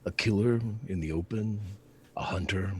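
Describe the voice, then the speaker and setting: Very deep-voiced man, musing player. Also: normal speed, a crowd in the background. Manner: musing, tentative suggestions. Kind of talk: casual tabletop play.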